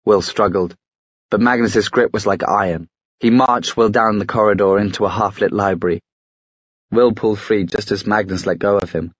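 A man reads a novel aloud in steady, scripted narration. His voice is low. The recording is close and completely dry. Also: dry recording, lo-fi sound. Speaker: audiobook narrator.

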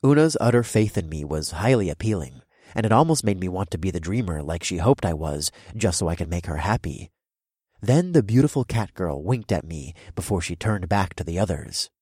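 A man narrates a first-person fantasy audiobook with wry, expressive delivery. His voice is deep and husky, and his pitch rises and falls freely. The recording is close and completely dry. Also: a little fast, no room sound.

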